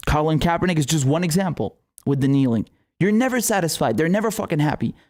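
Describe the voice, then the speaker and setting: Young man, fired-up political commentary, swears a lot, sarcastic, slightly high voice. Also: lively intonation, fast, darkish tone. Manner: heated, profane, sarcastic, laughing asides. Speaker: political commentary show host.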